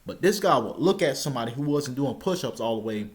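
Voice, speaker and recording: Animated young man telling a story. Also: medium pitch, quick pace. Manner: animated, shouts out quoted lines, stammers. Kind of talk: casual personal storytelling.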